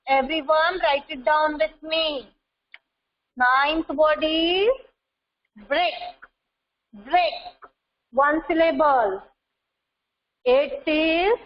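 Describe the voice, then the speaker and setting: A woman English teacher with an Indian English accent, giving a lesson and repeating words slowly, switching into Hindi to explain. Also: high-pitched. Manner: repetitive, drills words, mixes Hindi into English. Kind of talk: online class lesson. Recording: dull lo-fi sound.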